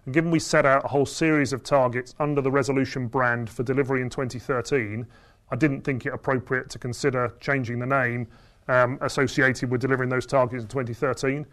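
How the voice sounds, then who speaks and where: A man, a company chief executive, answering analysts in a results Q&A, measured and often restarting phrases. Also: mid-range voice, steady tone, a bit bright. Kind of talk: results presentation Q&A.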